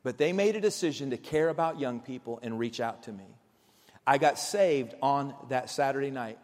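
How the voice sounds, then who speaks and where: A man preaching a sermon, acting out dialogue and swinging from loud outbursts to hushed asides. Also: medium pitch, normal speed. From Kansas. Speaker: pastor. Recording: reverberant hall sound.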